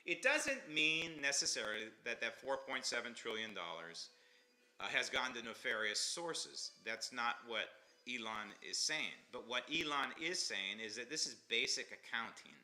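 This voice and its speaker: A man hosting a political commentary livestream, opinionated and mocking, swinging from loud outbursts to low asides. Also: sing-song, moderate pace. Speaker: host.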